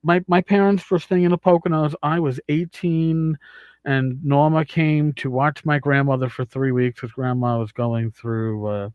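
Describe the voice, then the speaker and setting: A man's voice: on the high side, steady tone, a little slow, smooth, no room sound, narrow, tinny audio. A man with a Queens, New York accent hosting a podcast, telling profane, rambling stories in casual chat. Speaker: podcast host.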